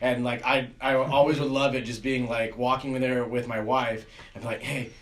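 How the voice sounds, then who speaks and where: A man's voice: medium pitch, level tone, normal speed, slight background noise. A man in a casual group chat in an office, laid-back and agreeable, laughing often. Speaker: band member.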